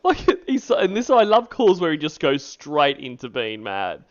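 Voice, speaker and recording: Laughing streamer with a lively voice. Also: male voice, on the high side, normal speed, lo-fi sound. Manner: laughs often, rambling shout-outs. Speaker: streamer host. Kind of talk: casual stream chat.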